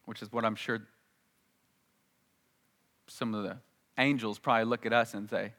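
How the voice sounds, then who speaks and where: Bright-voiced animated male preacher. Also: fairly low pitch, moderate pace, long pauses. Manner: animated preaching with acted-out quotes and rhetorical questions. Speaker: pastor. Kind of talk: sermon.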